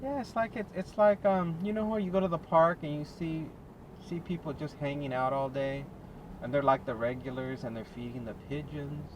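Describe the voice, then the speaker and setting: A man's voice: fairly high pitch, fairly even intonation, normal speed. A man with an American accent, a delivery driver vlogging in his car; chatty and self-mocking, he laughs often and sounds short of breath. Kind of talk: casual running commentary while driving. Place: inside a car on city streets. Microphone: dash cam or phone mic in car. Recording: road noise in a moving car. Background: car and road noise.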